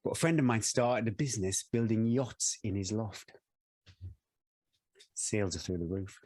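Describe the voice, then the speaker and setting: A man's voice: fairly low pitch, moderate pace, darkish tone. Easygoing, self-deprecating male co-host. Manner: easygoing, self-deprecating, laughs at own jokes. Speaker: podcast co-host. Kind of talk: casual chat.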